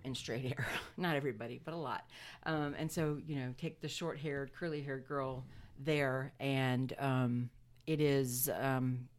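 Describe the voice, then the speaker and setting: A woman from Latin America and the Caribbean talks as a podcast guest, thoughtful and dry-witted. Her voice sits very low for a woman. She pauses with ums as she gathers her thoughts. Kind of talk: casual chat.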